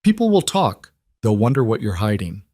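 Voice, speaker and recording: A man's voice: lowish voice, big pitch swings, moderate pace, mellow, dry recording, clean studio sound. A man voicing a meddling frontier townswoman who pries with indignation. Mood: indignant. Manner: prying, indignant. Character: prim, meddling middle-aged townswoman.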